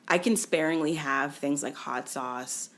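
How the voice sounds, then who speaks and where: A woman's voice: sits low, unhurried. A young woman hosting a podcast, chatting casually and telling stories with slang and acted-out quotes. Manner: animated storyteller, acts out quoted voices, slangy. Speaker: podcast host. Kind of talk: casual chat.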